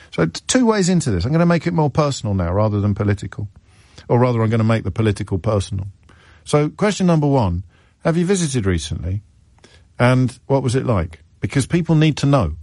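Animated male talk radio host, dry studio sound. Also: fairly low pitch, dry recording. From England. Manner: animated, sardonic, acts out imagined callers. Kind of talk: radio phone-in monologue.

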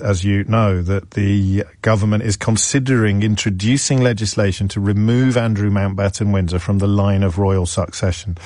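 A man's voice: lowish voice, a little mellow, no room sound, studio quality. A middle-aged man hosting a radio phone-in, talking in a chatty, wry, digressive way with self-mocking asides. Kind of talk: talk radio monologue. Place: radio studio. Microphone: studio microphone.

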